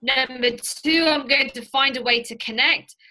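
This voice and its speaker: High-pitched, bright-voiced woman trainer. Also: moderate pace. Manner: animated, direct, tells stories. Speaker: sales trainer. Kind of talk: lively training talk to a group.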